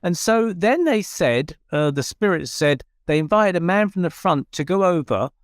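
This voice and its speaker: A man with a fairly high voice tells his story in a dry, close recording. He talks in an animated storytelling way, with frequent restarts. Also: normal speed, dry recording. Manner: animated anecdote with quoted voices, many restarts. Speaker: paranormal researcher and host. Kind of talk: conversational storytelling.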